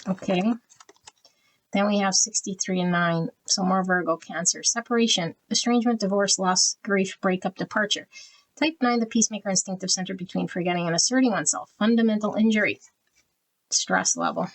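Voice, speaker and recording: A woman giving a pick-a-card tarot reading, talking quietly and evenly and reading card meanings as lists of words. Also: brisk, rough recording. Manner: quiet, even and low-key, trying not to be loud early in the morning. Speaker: tarot reader.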